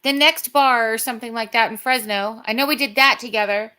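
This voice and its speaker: A female musician guest in casual chat, chatty and quick to laugh. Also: fairly high pitch, sharp tone.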